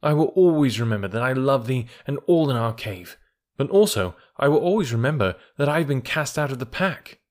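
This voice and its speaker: A man's voice: medium pitch, lively intonation, brisk, natural voice. A man voicing a proud, thoughtful boy raised by wolves, speaking earnestly in old-fashioned words. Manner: earnest, archaic speech.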